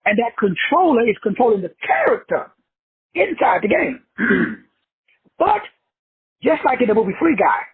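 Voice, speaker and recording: A man's voice: very high voice, sing-song, normal speed, pauses often, breathy edge. A man hosting a self-help show, giving a blunt, preachy motivational monologue that speaks straight to his listeners and swears freely. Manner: preachy, blunt and profane, addresses listeners directly. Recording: tinny phone-like dry audio.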